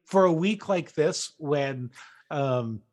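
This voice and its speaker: Easygoing male co-host, higher voice, halting delivery. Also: lively intonation. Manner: easygoing, halting, many restarts. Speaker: podcast co-host. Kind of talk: casual chat.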